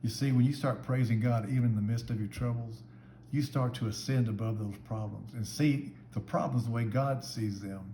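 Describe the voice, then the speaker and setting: A man's voice: medium pitch, fairly even intonation, moderate pace, mellow. A man giving a short devotional Bible talk as a church minister, speaking in an earnest, conversational way. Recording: echoey room with faint background hum.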